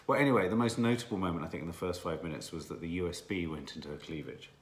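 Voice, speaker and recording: A man's voice: sits low, racing. A man co-hosting a casual family chat reviewing a TV series, thoughtful and musing. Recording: echoey room, faint noise.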